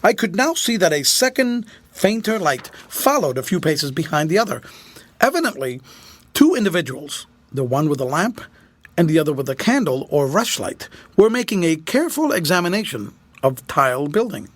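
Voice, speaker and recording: A man narrates a classic mystery novel with a higher, lively voice that rises and falls a great deal. The read is close and dry, with no room echo at all. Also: normal speed. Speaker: audiobook narrator.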